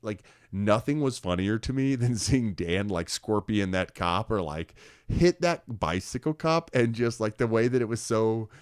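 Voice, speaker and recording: Lower-voiced animated male storyteller. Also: measured pace, smooth, no room sound, clean studio sound. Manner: animated storyteller who acts out voices loudly. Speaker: podcast co-host. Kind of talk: casual chat.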